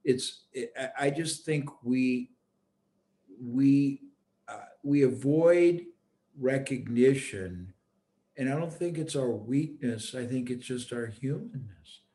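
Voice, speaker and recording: A man's voice: mid-range voice, slow pace, mellow, reverberant. A man hosting a reflective conversation, thinking aloud and circling back as he searches for the right words. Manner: thoughtful, restarts, searching for words.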